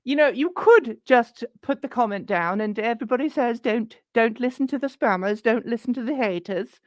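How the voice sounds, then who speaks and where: A woman plays a haughty, ancient queenly figure, jokingly 179 years old, who scolds a scammer in a pompous, patronising comic rant. Her voice is fairly high and close to an everyday voice, at a moderate pace, recorded at studio quality with no room sound.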